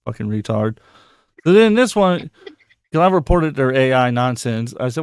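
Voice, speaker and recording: A man's voice: medium pitch, expressive, a little slow, pauses often, darkish tone, clean tone, no room sound, clean studio sound. A man hosting a casual live podcast, swearing constantly and mocking the posts he reads aloud. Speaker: podcast host.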